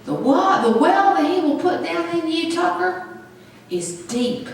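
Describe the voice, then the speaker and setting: A woman's voice: very high-pitched, lively intonation, moderate pace, vocal fry. A woman pastor preaching a sermon with emphatic call-and-response. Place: church sanctuary. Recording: echoey church from far off.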